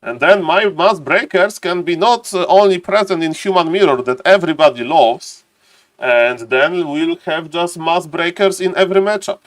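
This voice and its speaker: A man hosting a live game stream, his voice sitting a little high for a man. He talks viewers through a test step by step, stopping now and then to greet people in his chat. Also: moderate pace.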